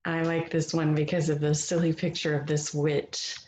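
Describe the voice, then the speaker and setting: A woman reading a picture book aloud as a phonics lesson, gentle and encouraging, stretching out the vowel sounds. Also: low voice, level tone, moderate pace, reverberant, a little hiss or hum. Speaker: reading teacher.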